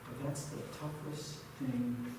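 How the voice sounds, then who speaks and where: A man's voice: mid-range voice, fairly even intonation, slow pace, noisy background. A man preaching as a church pastor, telling stories and building to emphatic pleas. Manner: storytelling, rising to emphatic pleas. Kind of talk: sermon. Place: church sanctuary. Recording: echoey church hall from far off.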